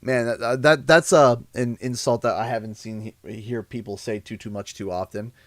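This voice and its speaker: A man's voice: medium pitch, moderate pace, no echo, clean studio sound. A man, chatting on a livestream and telling rambling stories with a laugh at his own jokes. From Canada. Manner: animated, rambling storyteller. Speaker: streamer. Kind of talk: casual livestream chat.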